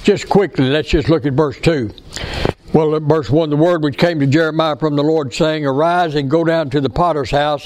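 A man's voice: fairly high pitch, fairly even intonation, moderate pace, darkish tone. A man preaching a sermon in a folksy, earnest way, asking his congregation questions. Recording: faint background noise.

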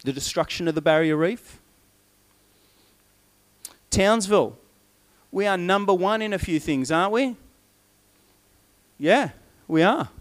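A man preaches in an animated, storytelling way and slips into voices for the people in his tale. His voice sits a little high for a man. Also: measured pace, long pauses. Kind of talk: sermon.

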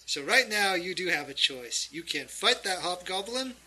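A man's voice: sits high, expressive, normal speed, sharp tone. A man narrating a tabletop game as game master, often laughing as he goes.

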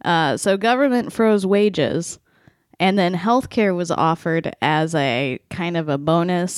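A woman co-hosting a podcast, explaining history step by step in a casual, clear and playful way. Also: fairly low pitch, slow pace, dry recording. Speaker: podcast co-host.

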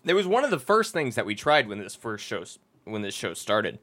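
A young man hosting a podcast, chatty and quick to laugh in casual talk. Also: lowish voice, big pitch swings, a bit bright. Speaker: podcast host. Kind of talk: casual chat.

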